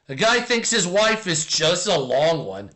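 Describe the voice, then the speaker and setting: A man's voice: on the high side, big pitch swings, measured pace, sharp tone. A man hosting a live stream in casual, rambling chat, with lots of fillers, while he reads out viewer comments.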